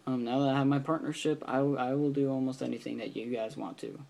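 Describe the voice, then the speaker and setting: A man's voice: medium pitch, steady tone, fast talker, vocal fry, darkish tone. A teenage boy telling a story in a casual vlog, rambling with lots of fillers and restarts. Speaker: vlogger.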